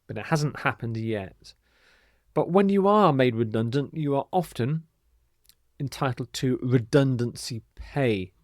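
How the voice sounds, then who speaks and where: A man teaching English vocabulary, speaking clearly and deliberately and modelling the pronunciation and stress of each word. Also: mid-range voice, darkish tone, no room sound, clean studio sound. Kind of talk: scripted vocabulary lesson.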